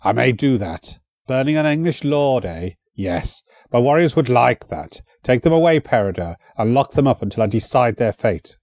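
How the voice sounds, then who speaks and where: A man's voice: medium pitch, lively intonation, moderate pace, a little mellow, no room sound, muffled recording, lightly acted. A man voicing a one-eyed, commanding warlord chieftain in a storybook reading, his voice raised and angry. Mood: threatening. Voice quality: furious, commanding.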